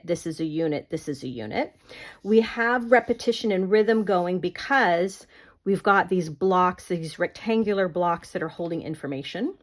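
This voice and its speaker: A woman teaching an online art class in a casual, conversational way, often checking that the viewer follows. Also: medium pitch. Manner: conversational, explaining with many fillers and checks.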